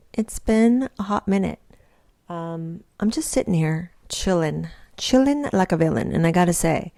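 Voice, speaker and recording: An American woman chatting casually to camera on her vlog at home with her coffee, talkative and quick to laugh, often restarting her sentences. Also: fairly low pitch, gravelly, dark tone. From United States. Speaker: vlogger.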